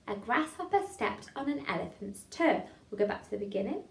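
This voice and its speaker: A woman's voice: a little high, lively intonation, fairly quick, vocal fry, hardly any pauses. A woman leading an online drama improvisation lesson, chatty and encouraging, laughing at her own slips. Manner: encouraging, chatty, self-deprecating. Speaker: drama teacher. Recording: echoey room, mic at a distance.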